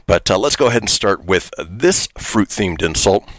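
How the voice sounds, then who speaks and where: A man's voice: low voice, expressive, normal speed, few pauses, no echo. A man hosting a radio show in casual chat, laughing often and using many fillers.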